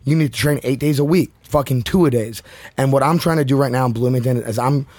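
High-energy, swearing male comedian. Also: quick pace, darkish tone, dry recording. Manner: high-energy, profane, emphatic. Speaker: comedian guest. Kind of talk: casual podcast chat.

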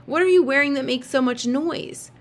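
A woman reading aloud puts on a bossy older-sister girl from a storybook, her voice lifted high. She scolds and corrects in an exasperated way. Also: moderate pace, lightly acted.

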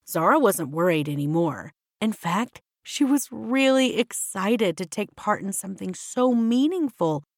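A woman storyteller reads a children's story aloud, chatting playfully to the listener between lines. Her delivery is slow and unhurried with a lively, swooping pitch. The recording is close and dry. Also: no echo. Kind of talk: scripted storybook narration.

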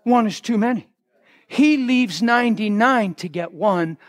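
A man preaching a sermon as pastor, fervent, swinging between shouts and hushed passages. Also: sits high, measured pace, no echo.

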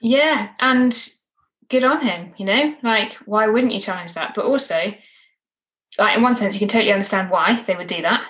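A woman's voice: mid-range voice, normal speed, fairly bright tone, rough recording. A woman co-hosting a casual Bible study discussion, earnest and reflective, often ending points with tag questions. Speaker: co-host discussing a Bible passage.

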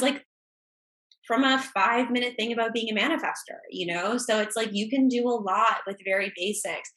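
A woman's voice: on the high side, a bit bright. A woman co-hosting a group call, talking in a casual, heartfelt and emotional way.

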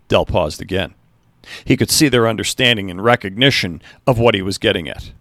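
A man's voice: lowish voice, brisk, fairly bright tone, dry recording, clean studio sound. A man narrating a story, reading steadily and now and then correcting a slip.

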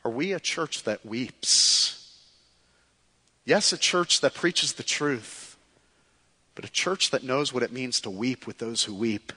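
A man preaching a sermon to his church, passionate, swinging from hushed pleas to forceful declarations. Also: high voice, big-room sound. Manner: impassioned, shifts between soft hushed pleas and rising forceful declarations. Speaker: pastor. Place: church sanctuary.

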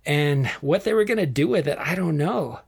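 A man hosting a podcast, casually retelling Bible history, animated and quick to laugh as he tells the story. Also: a little high, gravelly, husky. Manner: animated storyteller, laughs often, acts out quotes. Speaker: podcast host.

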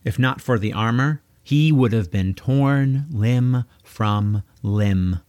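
A man narrating a children's novel, reading in an expressive storytelling manner. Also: medium pitch, slow, dry recording. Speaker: audiobook narrator. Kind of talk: audiobook reading.

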